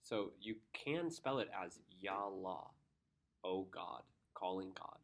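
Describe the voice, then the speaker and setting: With a low, slow voice full of vocal fry, a man teaches chemistry, drifting from lecture into easygoing stories with his students. He turns animated whenever something amuses him.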